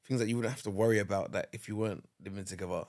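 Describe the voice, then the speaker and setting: A man with a fairly low voice, co-hosting a relaxed podcast chat with his partner. He talks things through in an easygoing, conversational way and leans on small household examples. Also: very fast. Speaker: podcast co-host. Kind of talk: casual couple's chat.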